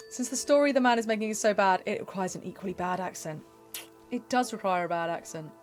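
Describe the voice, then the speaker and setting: A woman's voice: medium pitch, moderate pace, pauses often, faint music behind. A young woman chatting casually with her viewers while she plays a game, giggling and humming little sound effects. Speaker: game streamer. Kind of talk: casual live-stream chat.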